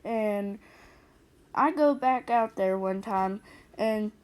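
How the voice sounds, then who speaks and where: A woman telling a personal story in a casual storytime narration, animated and acting out the quotes. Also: mid-range voice, takes it slowly.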